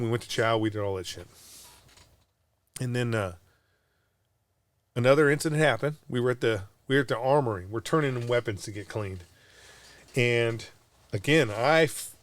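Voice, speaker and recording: A middle-aged Marine veteran from Southern California hosting a podcast, telling a story casually, blunt and profane, with frequent restarts. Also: male voice, mid-range voice, no echo. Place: podcast studio.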